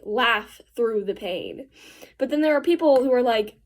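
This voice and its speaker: A teenage girl tells a rambling story in casual vlog style while doing her makeup. She talks in a fairly high voice and drops slangy asides as she goes. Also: sing-song, normal speed, a little mellow. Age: teens. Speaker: vlogger.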